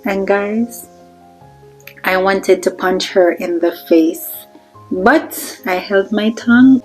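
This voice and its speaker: A young woman with a Jamaican accent tells a personal story in a chatty vlog. She talks straight to her viewers at a mid-range pitch, with soft music faintly underneath. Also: takes it slowly, rough recording. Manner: chatty, addresses viewers directly. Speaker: vlogger.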